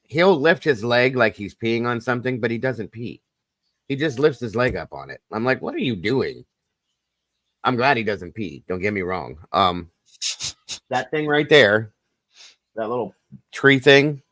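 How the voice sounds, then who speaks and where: A man's voice: medium pitch, normal speed, dry recording. A man hosting a casual online chat, telling joking stories about his wife and dogs. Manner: joking storyteller, animated. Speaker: podcast host.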